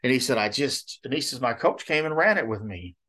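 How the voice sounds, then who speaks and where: A man's voice: medium pitch, expressive, fairly quick, bright, forceful tone. Male preacher, easygoing sermon delivery, loose storytelling with many asides and check-ins. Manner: conversational and rambling, frequent "you know" and "okay?".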